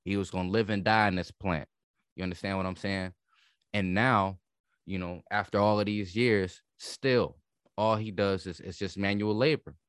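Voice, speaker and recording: A man's voice: low-pitched, steady tone, normal speed, clear, resonant tone, no echo, clean studio sound. A man co-hosting a podcast in casual chat, heated and profane as he argues back. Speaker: podcast co-host.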